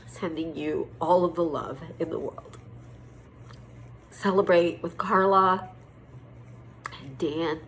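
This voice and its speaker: A middle-aged woman giving a heartfelt birthday tribute to a family member, emotional and choked up, halting with fillers. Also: deep voice, slight background noise, rough recording. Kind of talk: heartfelt personal tribute to camera.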